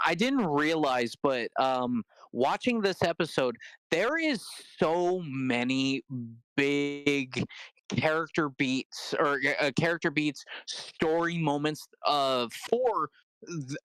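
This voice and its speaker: A man's voice: fairly high pitch, slow pace, fairly bright tone, clean tone, dry recording, rough recording. A man co-hosting a casual podcast, leading the episode recap with many fillers and restarts.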